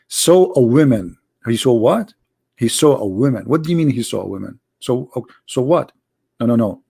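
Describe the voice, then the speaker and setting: A man's voice: medium pitch, creaky, dark tone, husky. A man hosting a live-streamed debate who talks in a mocking, sarcastic and theatrical way. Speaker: debate host.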